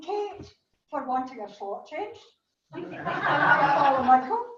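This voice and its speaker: A woman's voice: high-pitched, animated, takes it slowly, muffled recording. A woman giving an upbeat motivational speech to her business team, with some jokes. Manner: upbeat, rallying, joking. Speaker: award recipient speaker. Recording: echoey room, distant mic, faint noise.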